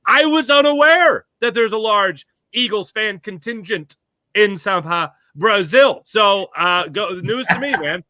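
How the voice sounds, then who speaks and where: Male podcast guest, middle-aged, casual sports chat, lively storyteller, high tense voice. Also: unhurried, dry recording. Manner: animated storyteller, acts out quotes.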